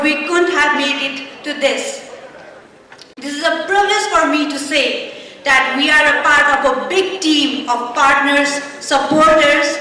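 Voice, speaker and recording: Woman, formal award-night speech, high and bright, distant and roomy hall sound. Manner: formal, reads long lists of sponsors and names. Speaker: organizing member giving the vote of thanks. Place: large hotel event hall. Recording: echoey hall, voice from a distant mic.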